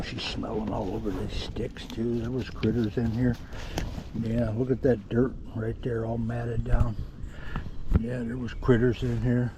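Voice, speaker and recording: Gravelly-voiced man narrating a field vlog. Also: steady tone, unhurried, lo-fi sound. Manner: coos high praise and baby talk to his dog; folksy rural grammar. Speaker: dog handler tracking wounded deer. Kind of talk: casual outdoor vlog narration. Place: outdoors in the woods. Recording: outdoor field recording with background noise.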